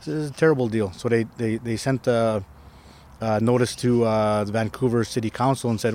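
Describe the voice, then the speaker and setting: A man's voice: mid-range voice, steady tone, fairly quick, a little mellow. A man who is a First Nation chief, telling a story in a casual interview outdoors, rambling with many restarts and tag questions. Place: outdoors on a hill.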